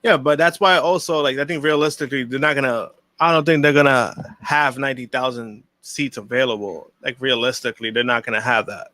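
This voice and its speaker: Bright-voiced man thinking aloud. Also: medium pitch, steady tone, a little fast, few pauses, no echo. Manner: thinks aloud, repeats his words. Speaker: podcast co-host. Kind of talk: casual chat.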